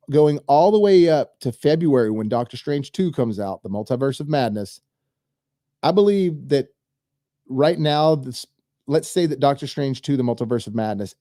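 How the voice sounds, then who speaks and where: Casting note: man, solo movie-news host, mellow dark tone, dry close sound, rambling and eager. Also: mid-range voice, dry recording. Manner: rambling, enthusiastic, talks straight to viewers. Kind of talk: casual solo commentary.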